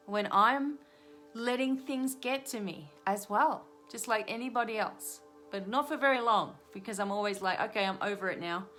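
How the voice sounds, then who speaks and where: A middle-aged woman talks through a live-streamed card reading. She coaches her listeners in an earnest, repetitive way, at a middle pitch. Faint music plays in the background. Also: a bit bright. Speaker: spiritual reader and hypnotherapist. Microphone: webcam or phone on a live stream.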